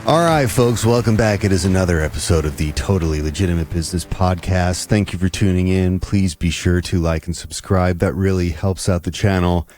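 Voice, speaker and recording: A man's voice: low voice, a little fast, few pauses, a little mellow. A male podcast host chatting casually and eagerly, often repeating words as he starts sentences. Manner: laid-back, enthusiastic, repeats words when starting sentences. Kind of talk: casual chat.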